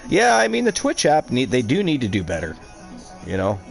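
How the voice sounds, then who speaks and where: A man's voice: mid-range voice, huge pitch swings, fairly quick, vocal fry, soft background music. A man hosting a casual livestream, commentating on a wrestling video game with announcer-style flourishes, jokes and plenty of swearing. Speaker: stream host and commentator.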